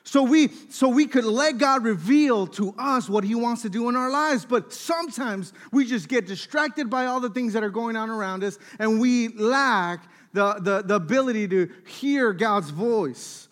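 Guy pastor, kinda high voice, preaching and acting out stories about his kids. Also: normal speed, few pauses. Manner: lively storytelling, acting out family dialogue. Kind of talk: sermon.

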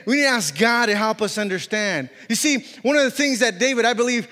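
A man preaching a sermon as a pastor, animated and conversational, full of fillers and restarts. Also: sits high. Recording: reverberant hall.

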